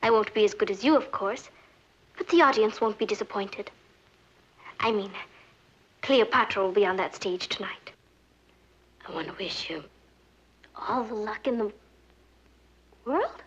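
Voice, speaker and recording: A woman's voice: medium pitch, measured pace, long pauses, a bit bright, breathy edge. An actress playing an earnest, polite teenage girl who speaks sincerely and eagerly, in dull archival TV audio. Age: teens. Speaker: sitcom character.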